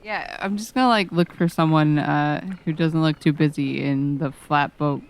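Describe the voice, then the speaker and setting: A woman's voice: low-pitched, moderate pace, clean tone. A woman playing a tabletop game, talking in a hesitant way with lots of fillers. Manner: hesitant, filler-heavy talk. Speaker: player. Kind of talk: casual tabletop role-play.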